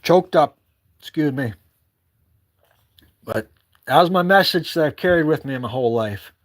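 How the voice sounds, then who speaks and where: Male vlogger, high voice, earnest and rambling, casual on-camera storytelling from a cabin. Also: lively intonation, brisk. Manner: earnest, rambling, with filler words. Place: cabin with a woodstove.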